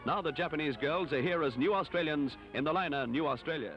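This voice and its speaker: A man giving brisk, formal archival newsreel narration. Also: on the high side, highs cut off, over loud music. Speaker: newsreel announcer.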